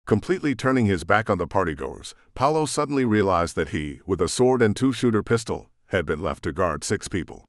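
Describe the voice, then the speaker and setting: A man narrating an audiobook in an expressive storytelling manner, in a studio booth. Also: deep voice, a little fast, dry recording. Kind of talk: scripted narration.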